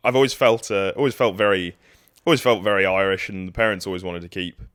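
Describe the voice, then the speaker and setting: Young man, English accent, very deep voice, dry close sound, jokey, rambling podcast chat. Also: fairly even intonation, quick pace, fairly bright tone, smooth, no room sound. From England. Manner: jokey, self-deprecating, rambling with restarts. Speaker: podcast co-host.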